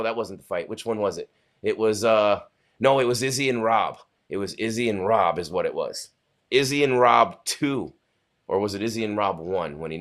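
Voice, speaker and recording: A man's voice: lowish voice, fairly bright tone. A man hosting a casual live stream, rambling and restarting often as he chats with viewers while clicking through pages. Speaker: livestream host.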